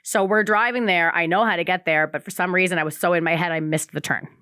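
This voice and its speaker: A woman's voice: fairly low pitch, steady tone, fast talker, bright, forceful tone, clean tone, no room sound, studio quality. A young woman on a casual recovery podcast, a candid storyteller who swears freely and acts out the voices of the people in her story.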